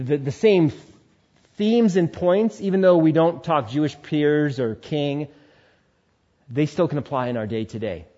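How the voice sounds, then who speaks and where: A man preaching a sermon, switching between animated exhortation and quiet, soothing asides. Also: medium pitch, dull audio. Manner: animated preaching, drops to quiet soothing tones when voicing tempters. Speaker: pastor.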